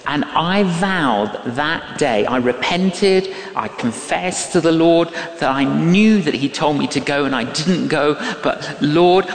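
A man preaching in a big, reverberant hall, speaking slowly and deliberately with a pitch that leaps up and down. He tells stories animatedly and acts out the voices in them. He sounds a touch distant from the mic. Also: expressive. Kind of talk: sermon with anecdotes. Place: church or large hall. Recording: echoey hall, a little distant.

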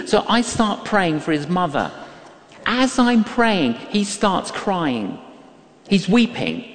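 A man's voice: high-pitched, very animated, slow pace, big-room sound. An older man preaching a sermon, telling a story with emphatic, acted-out dialogue.

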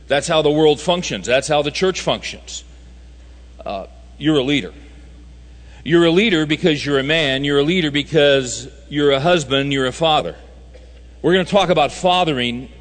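A man's voice: on the high side, a bit bright. A man speaking at a men's conference, telling folksy stories with humor and driving his points home through repetition. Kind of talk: sermon. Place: large conference hall. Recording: reverberant hall recording.

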